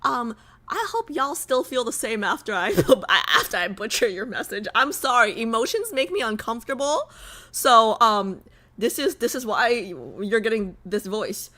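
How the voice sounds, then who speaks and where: Young woman, streamer, high lively voice, nervous rambling chat. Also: unhurried. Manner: nervous, rambling, lots of repeated okays. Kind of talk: casual live-stream chat.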